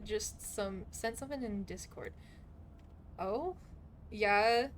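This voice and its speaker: A young woman live-streaming a video game, chatting to viewers in an excitable way, laughing often and swearing now and then. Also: medium pitch, slow pace, a little hiss or hum. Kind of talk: live gaming stream chat.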